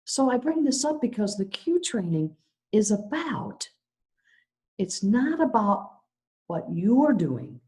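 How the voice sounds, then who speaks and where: Middle-aged lady pastor preaching, swoopy lively voice, mellow tone, acts out her story. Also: medium pitch, slow. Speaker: minister. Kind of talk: sermon storytelling.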